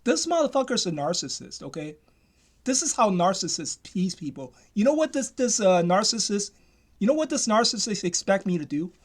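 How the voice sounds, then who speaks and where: High-voiced man on an emphatic rant. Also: sing-song, moderate pace. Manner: repetitive, emphatic, restarts often. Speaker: commentator. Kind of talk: ranting commentary.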